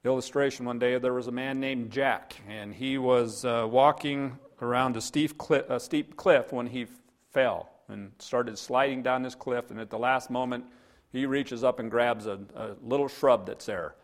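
A man's voice: medium pitch, steady tone, moderate pace. Earnest male preacher. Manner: earnest, storytelling with scripture. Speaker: pastor. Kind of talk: sermon.

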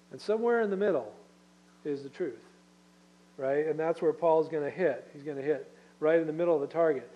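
A man's voice: fairly high pitch, a little mellow, lo-fi sound. A man preaching a Bible-study sermon in a conversational way, with fillers and rhetorical questions. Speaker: pastor.

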